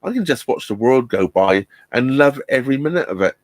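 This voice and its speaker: Brisk and expressive, a man with a mid-range voice chats with his live stream viewers from a narrowboat. His talk meanders with ums and restarts, and he laughs often. The sound has no echo.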